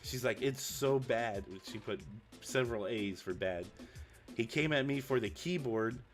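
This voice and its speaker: Young man, casual rant, swears a lot, mid-pitched voice, faint music behind. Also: lively intonation, moderate pace. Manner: ranting, profane, quotes people with raised pitch. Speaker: streamer. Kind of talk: casual venting story.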